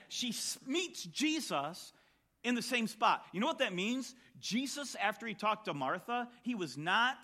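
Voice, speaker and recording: A man preaching a sermon, telling a Bible story with animated storytelling and acting out the voices of the people in it. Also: sits high.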